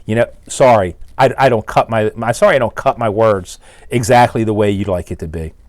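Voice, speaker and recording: A man's voice: fairly low pitch, a little fast, a little mellow, no room sound. A man in his sixties with a Baltimore accent, an engine builder ranting bluntly and with exasperation at his critics in a one-take video. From Maryland, Baltimore area. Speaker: engine builder and shop owner. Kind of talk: one-take rant to camera.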